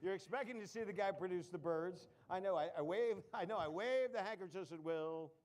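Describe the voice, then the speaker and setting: A man's voice: sits high, fairly quick, a little mellow. A man performing a comedy magic act on a live stage, full of puns and self-mocking jokes. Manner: punning, self-mocking, jokey.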